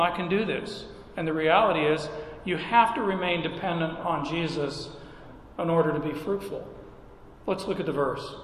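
A pastor delivers a sermon in a folksy, conversational way, leaning on emphatic repeated questions. His voice sits a little high for a man. The sound carries a long reverb from a large church hall, with faint room noise behind. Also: fairly bright tone. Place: church sanctuary.

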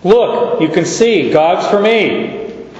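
Male pastor, slightly high voice, unhurried verse-by-verse preaching, halting and repetitive; dull recording in a long-echo hall. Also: lively intonation, darkish tone. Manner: slow, halting teaching with repeated words. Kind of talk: verse-by-verse sermon. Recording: echoey hall, dull sound.

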